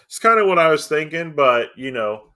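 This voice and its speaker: A man's voice: on the high side, very animated, normal speed, bright, forceful tone. A man co-hosting a casual podcast, thinking aloud and hesitating often. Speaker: podcast co-host. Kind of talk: casual chat.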